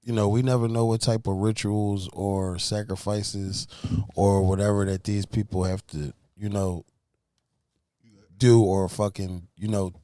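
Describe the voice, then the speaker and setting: A man's voice: lowish voice, unhurried, no echo, clean studio sound. A man co-hosting a casual podcast, retelling a story with lots of fillers. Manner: storytelling, animated when retelling. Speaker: podcast co-host. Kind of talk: casual chat.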